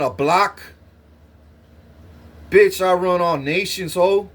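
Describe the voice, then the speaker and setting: A man's voice: high-pitched, slow, pauses often, fairly bright tone. A man ranting to camera, threatening and boasting in a profane, swaggering way, often stuttering on restarts. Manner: repeats himself with stuttered restarts. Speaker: vlogger. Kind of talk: angry boastful rant to camera.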